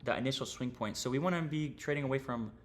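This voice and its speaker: A man's voice: mid-range voice, fast. A young man teaching trading on a livestream, casual and rambling, full of slang and fillers. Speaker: trading streamer.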